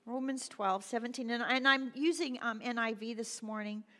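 Woman pastor, middle-aged, sermon, lively and self-deprecating, bright high voice, long church reverb. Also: moderate pace. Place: church sanctuary.

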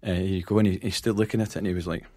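A Scottish man, a band manager and podcast guest, telling lively anecdotes in casual chat, acting out quotes and laughing often. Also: deep voice, racing, dry recording, studio quality.

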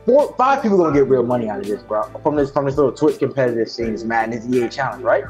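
A man, a streamer guest, telling stories in casual chat, profane and animated, acting out what others said. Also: mid-range voice, lo-fi sound, faint music behind. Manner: fast, profane storytelling, acts out quotes.

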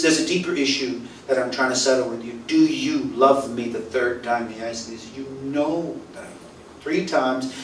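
Pastor, male, preaching sermon, animated storyteller, distant mic in roomy hall. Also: medium pitch, slight background noise. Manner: storytelling, acts out quoted dialogue, swings from loud to soft. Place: church hall. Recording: roomy echo, voice from far off, faint ambience.

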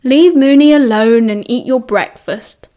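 A woman's voice: high-pitched, a little mellow. A woman with a British accent voicing a cheerful, bossy teenage schoolboy who chivvies his friends along. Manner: brisk, chivvying.

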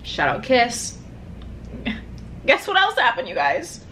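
Bright, chatty woman vlogger. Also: high-pitched, moderate pace, slight background noise. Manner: chatty, animated, heavy swearing, lots of fillers. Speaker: mukbang vlogger. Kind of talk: casual storytelling vlog. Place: hotel room.

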